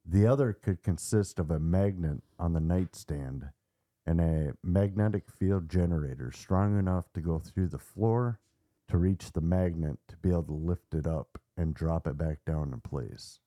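A man hosting a podcast, narrating a dark story with theatrical suspense and casual asides. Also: low voice, normal speed, dry recording, clean studio sound. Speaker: podcast host.

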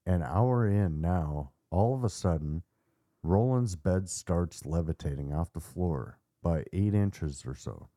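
A man hosting a podcast, narrating a dark story with theatrical suspense and casual asides. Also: deep voice, lively intonation, takes it slowly, no room sound, studio quality. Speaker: podcast host.

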